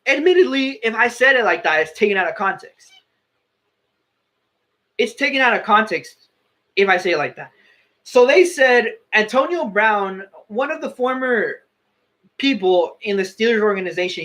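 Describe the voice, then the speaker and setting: A man's voice: sits high, pushed and bright. A young man giving casual, opinionated sports commentary, often correcting and restarting himself.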